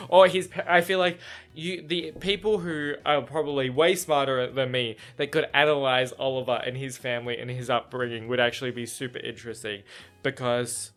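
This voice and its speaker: A man's voice: fairly high pitch, bright, forceful tone. Swearing, exasperated young man. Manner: heavy swearing, rambling, exasperated. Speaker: book reaction vlogger. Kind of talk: casual reading reaction.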